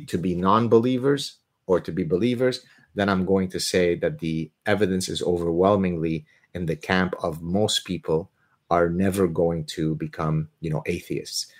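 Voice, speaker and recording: Deep-voiced guy doing a livestream q&a, opinionated, cracks jokes as he goes. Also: moderate pace. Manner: animated, opinionated, jokey asides. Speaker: host answering viewer questions. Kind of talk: live-stream Q&A chat.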